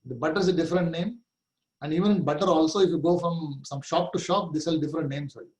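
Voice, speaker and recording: A man's voice: fairly high pitch, fast talker, darkish tone, rough recording. Man teaching scripture, chanting Sanskrit terms. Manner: explains with questions and laughs, chants Sanskrit terms. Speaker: Vedanta teacher. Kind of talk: class talk on scripture.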